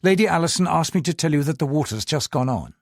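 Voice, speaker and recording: A man's voice: a little high, expressive, quick pace, dry recording, studio quality. A man voicing a discreet aide who speaks politely.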